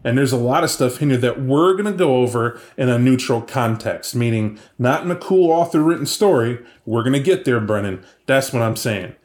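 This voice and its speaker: A man's voice: mid-range voice, animated, fairly quick, few pauses, a little mellow. A man hosting a podcast, casually and animatedly retelling a tabletop game session he ran, with many asides. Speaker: podcast host and game master. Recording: echoey room.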